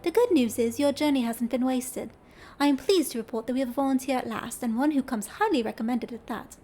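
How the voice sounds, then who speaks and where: This is a courteous, formal female innkeeper from a video game, read aloud by a woman. The high voice stays polite and measured. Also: warm tone. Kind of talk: reading game dialogue aloud.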